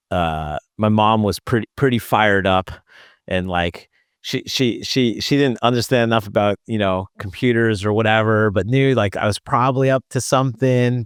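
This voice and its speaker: Smooth low-voiced male host. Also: dry recording, studio quality. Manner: halting, full of fillers and restarts. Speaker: podcast host. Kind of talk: casual chat.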